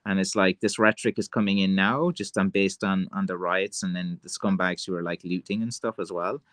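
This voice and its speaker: A man with an Irish accent hosting a livestream, ranting in a rambling, excitable way, full of "like" and "you know" and calling people "man" and "lads". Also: low-pitched, a little fast, no room sound. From Ireland. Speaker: livestream host. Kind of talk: casual rant on a livestream.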